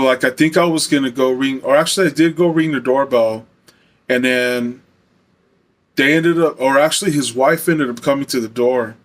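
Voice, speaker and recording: A young man from Arizona tells a personal story in a loose, rambling way. He leans on fillers and curses freely. His voice sits at an ordinary pitch for a man. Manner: rambling, filler-heavy, swears often. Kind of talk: casual storytelling.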